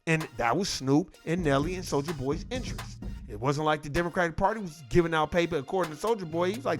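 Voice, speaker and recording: A man with a high voice holds forth on camera as an online commentator, emphatic and profane. He hammers his points through repetition in a casual, unscripted rant, with soft music underneath. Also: quick pace.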